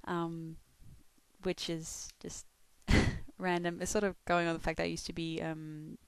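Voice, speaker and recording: A young adult woman from Melbourne, with an Australian accent, chats casually in an audio vlog, answering a question tag as a fan while swearing often, laughing a lot and poking fun at herself. Her voice sits fairly low, with a flat delivery, a measured pace and some creak. The tone is clean and the recording dry.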